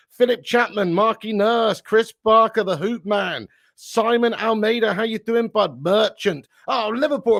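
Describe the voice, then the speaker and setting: A man's voice: high-pitched, vocal fry, a bit bright, dry recording, studio quality. A man hosting a live football stream, bantering and teasing viewers in the chat with swearing.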